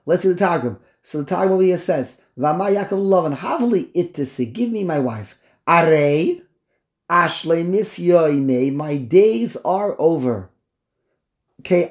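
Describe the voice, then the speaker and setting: A man's voice: sits high, a little mellow. A man teaching a Torah class in English, mixing in Hebrew and Yiddish terms, with stammering restarts and incredulous outbursts.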